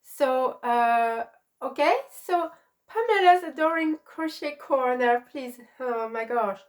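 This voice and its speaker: A middle-aged woman chats through her crochet vlog in an unhurried, affectionate way. She gushes and gets emotional easily. Her voice sits a little high. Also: animated. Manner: warm, gushing, emotional. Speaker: crochet channel host. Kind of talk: casual vlog chat.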